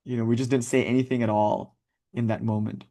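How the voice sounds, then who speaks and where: A man gives a reflective spiritual talk at an ordinary mid-range pitch. He speaks conversationally and thinks aloud, often questioning his own points. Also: fairly even intonation, fairly quick, creaky, mellow. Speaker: spiritual teacher.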